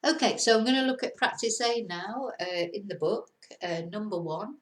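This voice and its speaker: A woman's voice: medium pitch, normal speed. A woman teaching a casual video lesson, chatty and encouraging, now and then laughing at herself. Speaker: Spanish teacher. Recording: roomy echo.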